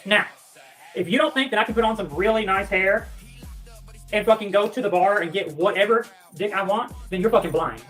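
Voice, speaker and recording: A woman's voice: mid-range voice, fairly quick, a bit bright, faint music behind. Breathless, blunt woman chatting on a livestream. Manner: blunt and profane, reading and answering viewer comments. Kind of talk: casual livestream chat.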